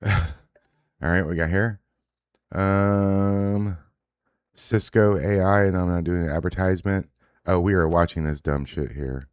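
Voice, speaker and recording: A man's voice: low-pitched, fairly even intonation, a little slow, pauses often, clear, resonant tone, no echo. A man hosting a casual reaction show, talking bluntly and profanely, rambling with restarts as he reacts to posts. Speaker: show host reacting to social media posts. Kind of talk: casual live reaction commentary.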